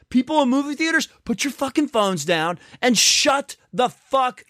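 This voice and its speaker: A podcast co-host chatting casually, animated and swearing, jumping into loud outbursts. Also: high voice, normal speed, few pauses, dry recording, studio quality. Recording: guitar music behind the voice.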